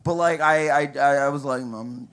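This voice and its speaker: A man's voice: fairly high pitch, normal speed, fairly bright tone. Crude rambling young male stand-up comic. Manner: casual, crude, rambling with asides and laughs at own jokes. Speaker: stand-up comic at an open mic. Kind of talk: stand-up comedy set.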